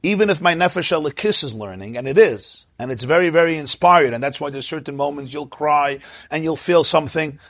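A man giving an informal Torah lecture in a lively, joking way, acting out inner voices. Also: a little high, a little fast. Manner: animated, acts out inner voices, laughs at own jokes. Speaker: Torah class teacher.

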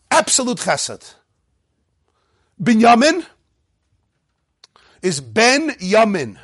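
Male Torah teacher, high-pitched and animated, dry close sound, acts out little dialogues. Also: no echo. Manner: mixes Hebrew text readings with English explanation. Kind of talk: lively Torah class lecture.

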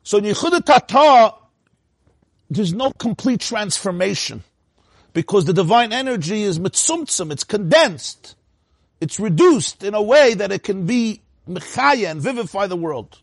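Animated husky man teaching a class. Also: measured pace, no room sound, studio quality. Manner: animated, laughs often, swoops up into a high voice.

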